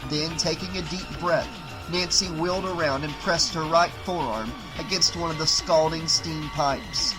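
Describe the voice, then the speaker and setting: A man narrating an audiobook in a steady, dramatic reading style. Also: a little high, a little slow, over music, rough recording. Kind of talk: scripted narration.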